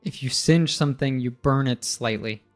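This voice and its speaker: A man's voice: mid-range voice, normal speed, soft background music. Easygoing man explaining pronunciation. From United States. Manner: explains pronunciation with examples, laughs easily. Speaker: English teacher. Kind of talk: casual teaching chat.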